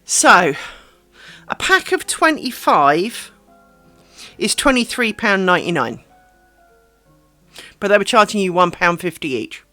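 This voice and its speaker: A woman's voice: mid-range voice, big pitch swings, measured pace, pauses often, bright, forceful tone, no room sound, faint music behind. A woman from Britain chatting casually on a craft live stream, talking to her viewers and fussing over her dogs.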